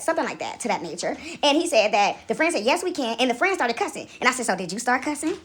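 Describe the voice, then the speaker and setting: A woman's voice: high voice, big pitch swings, fast, hardly any pauses, a bit bright, husky. A woman talking straight to her audience in a casual spiritual monologue, preachy and slangy, often breaking into laughter. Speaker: vlogger.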